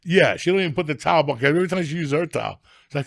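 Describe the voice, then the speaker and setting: A middle-aged man telling comic stories as a podcast guest, loud, ranting and foul-mouthed. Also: on the high side, animated, racing, creaky, dry recording, clean studio sound. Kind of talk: profane comic storytelling.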